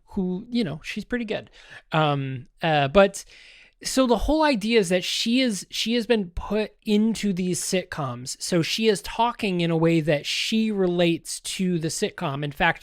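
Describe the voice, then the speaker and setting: A man's voice: on the high side, no room sound, studio quality. A man hosting a podcast, rambling through casual pop-culture commentary with lots of fillers and restarts, joking and talking straight to the audience. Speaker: podcast host.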